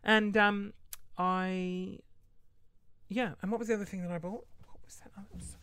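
A woman's voice: medium pitch, racing, darkish tone, slight background noise. A woman hosting a casual solo podcast, rambling chattily and acting out quoted voices with sudden whispered asides. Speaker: podcast host.

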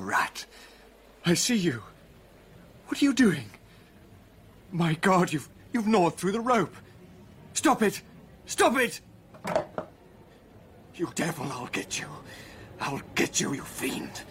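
A jittery young scholar talking to himself in a radio play. His pitch runs fairly high, and it rises and falls a great deal. He speaks slowly against a faint hiss. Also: very animated. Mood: terrified. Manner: talks to himself, jittery and easily spooked. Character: nervous young male scholar alone in a haunted room.

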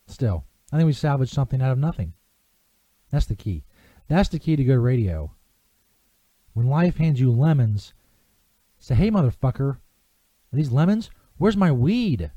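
Man, radio host, very dark mellow voice, dry dull studio sound, laid-back profane teasing. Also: mid-range voice, dry recording. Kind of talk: live radio comedy banter.

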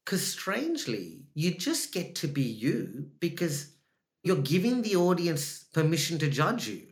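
A man with an Australian accent, an actor telling his story in a candid interview, animated and emphatic, acting out his own thoughts. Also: fairly high pitch, unhurried. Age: adult with young children. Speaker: actor and podcast guest. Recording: roomy echo.

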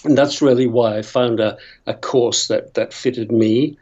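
A man's voice: mid-range voice, fairly even intonation, a little slow, a little mellow. Older storytelling man, dull lo-fi audio. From Northern Ireland. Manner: rambling, goes off on tangents, chuckles. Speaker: actor guest. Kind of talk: storytelling interview.

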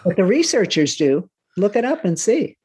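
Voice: mid-range voice, sing-song, normal speed, darkish tone, slightly rough. A guest talking casually and giving explanatory parenting advice. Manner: advising, explanatory. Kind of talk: casual conversation.

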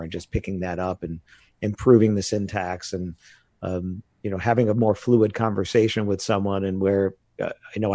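An American man talking casually in an interview, telling animated stories about learning a language. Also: on the low side, no echo. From United States. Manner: animated storytelling with laughs. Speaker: guest. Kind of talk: casual conversation.

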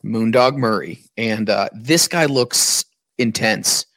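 A man hosting a podcast, chatting in a relaxed way, giving shout-outs and putting questions to his co-host. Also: on the low side, slow pace, dry recording. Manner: easygoing, chatty, thanks listeners. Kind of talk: casual podcast chat.

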